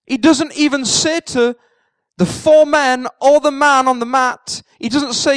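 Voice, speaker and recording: High-voiced man preaching an animated sermon. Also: unhurried, no room sound. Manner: animated storytelling, acting out the characters' words; repeats key phrases for emphasis. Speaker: pastor.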